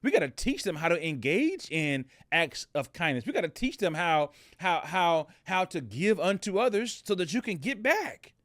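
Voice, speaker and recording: Man telling a story on a podcast, fairly high voice. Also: sing-song, moderate pace, few pauses, a bit bright, dry recording, studio quality. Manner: conversational, storytelling, many fillers and restarts. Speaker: podcast host. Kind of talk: casual motivational podcast talk.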